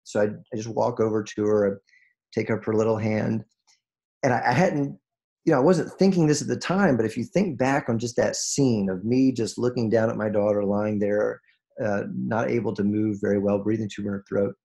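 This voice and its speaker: Man, gravelly tone, emotional motivational speaker on a video call, earnest, restarts a lot. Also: lowish voice, fairly even intonation, moderate pace, dark tone. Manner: earnest, emotional, many restarts, voice rises when moved. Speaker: guest speaker on a group call. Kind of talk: heartfelt motivational talk.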